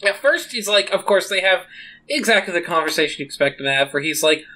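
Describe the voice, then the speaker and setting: Expressive, rambling podcast co-host. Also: mid-range voice, quick pace, rough recording. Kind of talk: casual chat recapping a TV episode.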